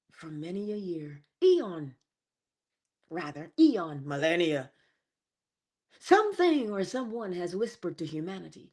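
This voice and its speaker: Lively, preachy woman giving a morning pep talk. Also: a little high. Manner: passionate, preachy, rising and falling emphasis; stretches key words slowly. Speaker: inspirational speaker. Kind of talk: spiritual motivational talk.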